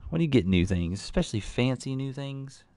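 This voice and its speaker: Talking a little fast with big swings in pitch, a young man muses aloud during a late-night game stream while struggling with instructions for his new close-up desktop condenser mic. His voice sits at medium pitch, mellow, with no room sound.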